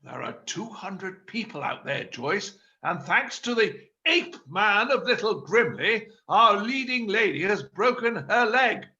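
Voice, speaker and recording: A man's voice: sits high, big pitch swings, unhurried, hardly any pauses, pushed and bright, muffled recording, exaggerated voice. A man reading the part of a fussy, exasperated male panto director in an amateur play reading over a video call. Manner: pompous, theatrical outbursts.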